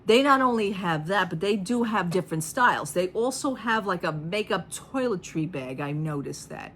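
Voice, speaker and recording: A woman's voice: on the low side, normal speed, breathy edge. A middle-aged woman chatting in a casual storytime vlog, retelling a store visit with sarcastic asides. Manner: chatty, animated retelling, acting out the people in her story. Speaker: vlogger.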